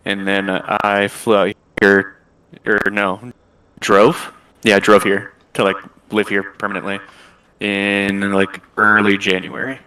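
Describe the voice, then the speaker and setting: A man's voice: lowish voice, monotone, slow, pushed and bright, clean tone, dry recording, low-quality recording. A man chatting casually as a podcast guest, rambling with lots of "like" and "I don't know". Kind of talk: casual chat on a live podcast.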